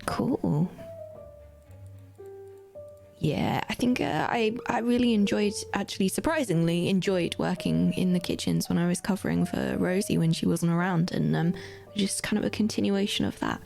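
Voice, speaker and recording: A woman whose voice is husky and gravelly because she is sick. She introduces herself casually as a tabletop game guest, with plenty of ums and small restarts. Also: on the low side, moderate pace, a little mellow, faint music behind. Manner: chatty, with frequent ums. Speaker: guest player and streamer.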